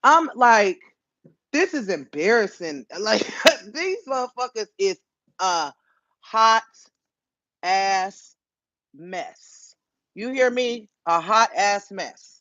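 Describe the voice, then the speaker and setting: Her voice is a little high and bright, moving slowly with big swings in pitch. She's a livestream host chatting casually, blunt, emphatic and full of swearing. It's dull, dry lo-fi phone audio.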